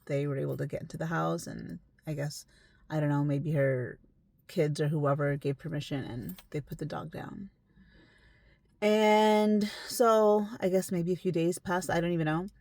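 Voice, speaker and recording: Woman, young adult, casual storytime narrator, low voice, dry close sound, emphatic delivery. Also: no echo. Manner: conversational, emphatic, sometimes hushed. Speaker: esthetician telling a client's story.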